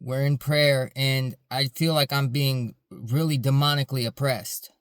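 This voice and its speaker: A man's voice: medium pitch, fairly even intonation, unhurried, fairly bright tone, clean tone, dry recording, clean studio sound. A man, a security supervisor, earnestly telling a story in a casual, rambling way, full of fillers.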